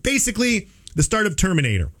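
A man's voice: sits high, wildly swooping pitch, fast talker, background noise. A man co-hosting a casual talk show, explaining a news story with everyday analogies. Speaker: podcast co-host. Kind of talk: casual chat.

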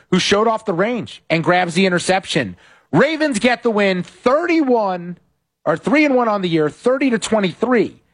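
Opinionated high-voiced sports podcast host. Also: male voice. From West Coast of the United States. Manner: animated, opinionated, critical of coaching. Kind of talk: football recap and betting commentary.

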